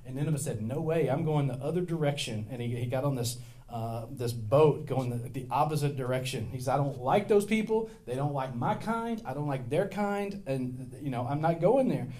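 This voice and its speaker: A man's voice: medium pitch, moderate pace, mellow. A middle-aged male pastor preaching a sermon in a casual, storytelling way, with self-deprecating humor and big swings in volume.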